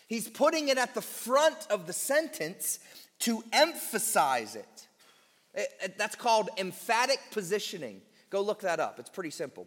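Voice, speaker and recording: A man's voice: high voice, a bit bright. A man preaching a sermon as pastor, teaching emphatically and drawing out key phrases of scripture. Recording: long hall reverb.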